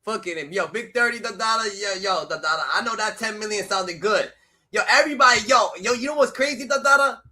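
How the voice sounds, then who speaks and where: A man streaming a live reaction, loud and heated, swearing constantly and swinging between shouting and muttering. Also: high-pitched, quick pace.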